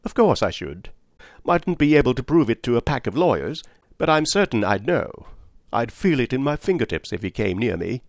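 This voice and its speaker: Male reader doing a brusque middle-aged woman, curt and clipped, raised pitch, dry close sound. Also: big pitch swings, moderate pace, dry recording. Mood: blunt. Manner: clipped, drops words.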